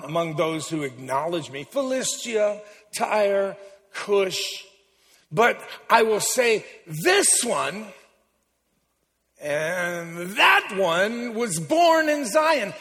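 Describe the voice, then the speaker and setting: Brief: male preacher, high voice, unhurried delivery, humorous but emphatic, long church reverb. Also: fairly bright tone. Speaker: guest preacher. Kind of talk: sermon. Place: large church sanctuary.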